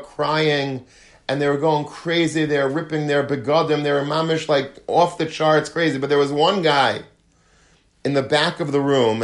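Male rabbi, sermon storyteller with plenty of color. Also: medium pitch. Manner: lively storyteller, acts out quotes, Yiddish and Hebrew terms. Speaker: rabbi giving a talk.

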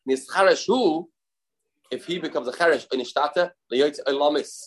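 A man's voice: fairly high pitch, slightly rough, rough recording. Man teaching a Talmud class. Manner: quick explanatory talk mixing Aramaic terms, many restarts.

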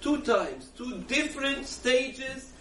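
High-voiced rabbi lecturing in an echoey room. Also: male voice, lively intonation, slow, a bit bright. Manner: asks rhetorical questions and answers them himself, repeating for emphasis. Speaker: rabbi giving a Torah lecture. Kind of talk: animated Torah lecture. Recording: echoey room from a distance with faint background noise.

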